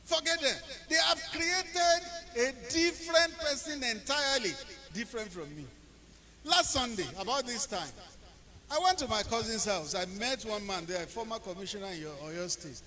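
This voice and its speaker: A middle-aged man with a Nigerian accent giving a public speech, telling anecdotes and swinging between quiet asides and loud, emphatic bursts. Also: extremely high pitch, expressive, moderate pace, a crowd in the background. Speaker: presidential aide speaking at an event.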